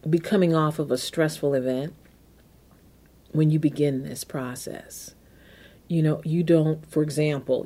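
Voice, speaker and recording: Woman podcast host giving self-help tips, low husky voice, walks you through steps. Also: dark tone. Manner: coaching, step-by-step, repeats key phrases. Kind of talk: motivational self-help talk.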